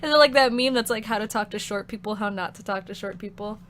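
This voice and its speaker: A woman streamer chatting casually while playing a game, giggly and excitable, swearing freely. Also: medium pitch, fast talker, slight background noise.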